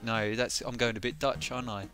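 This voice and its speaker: A man's voice: medium pitch, little pitch movement, brisk, fairly bright tone. A man streaming a video game live, rambling and self-mocking in casual commentary. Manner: rambling, self-mocking, bursts into silly voices. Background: game music.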